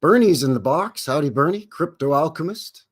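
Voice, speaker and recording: Canadian guy hosting a live stream, folksy and jokey, pitch jumps all over. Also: expressive, moderate pace. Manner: folksy, jokey, greets chatters by name. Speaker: livestream host. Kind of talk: casual live-stream chat.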